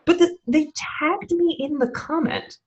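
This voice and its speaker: A woman co-hosting a casual podcast chat, animated and laughing often, swearing freely. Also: sits high, a little slow, highs cut off. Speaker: podcast co-host.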